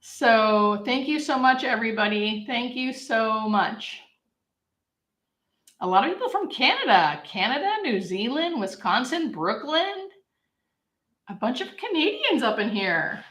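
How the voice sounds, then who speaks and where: A woman's voice: on the high side, very animated, unhurried, a bit bright, reverberant. A woman from Southern California, a hospice nurse, chatting upbeat on a live-stream Q&A and answering viewers' questions. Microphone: camera mic.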